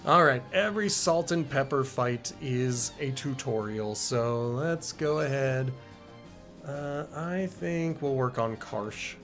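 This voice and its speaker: A man's voice: mid-range voice, takes it slowly, fairly bright tone, soft background music. Laid-back man streaming a game.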